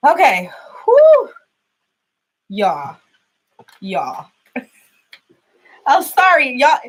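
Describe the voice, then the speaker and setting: A woman's voice: mid-range voice, moderate pace, husky, poor audio. A young adult woman chatting casually through a tarot reading, laughing often. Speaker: tarot reader.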